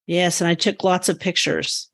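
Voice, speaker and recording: A woman's voice: on the low side, level tone, moderate pace, gravelly. Enthusiastic rambling woman co-host. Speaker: podcast co-host. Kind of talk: casual chat.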